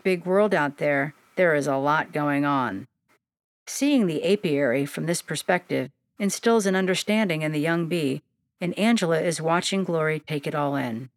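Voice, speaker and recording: A woman narrates a storybook in a gentle, descriptive way, her voice sitting a little low. The recording is dry and close, with no room sound. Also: no echo.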